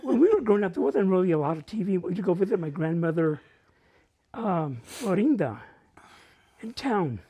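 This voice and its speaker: An older storyteller at a library open mic laughs through self-mocking memories of his boyhood. He talks at a normal speed in a high, warm, husky voice that is very animated.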